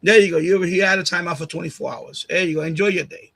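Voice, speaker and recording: A man's voice: sits high, quick pace, creaky, fairly bright tone, husky, rough recording. A man hosting a live stream, ranting straight at a viewer in a combative, repetitive way on a USB condenser mic at home. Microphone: USB condenser mic on boom arm.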